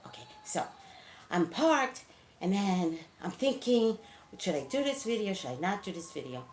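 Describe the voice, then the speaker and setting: A woman vlogger who talks straight to her viewers, chatting and telling stories in an animated way. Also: medium pitch, moderate pace, echoey room, slight background noise. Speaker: psychic vlogger. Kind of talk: casual chat to camera.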